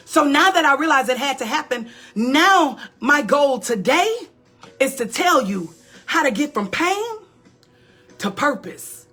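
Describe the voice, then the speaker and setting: A woman pastor delivers a motivational talk in a preaching style. Her voice sits high and rings bright. She hammers phrases through repetition and calls out to listeners as she goes. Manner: emphatic and repetitive, calling out to listeners.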